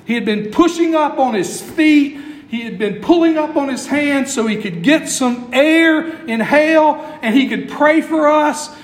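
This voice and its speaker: A middle-aged male pastor preaching a sermon with building intensity and long pauses, heard in a church sanctuary. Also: very high-pitched, lively intonation. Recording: echoey hall.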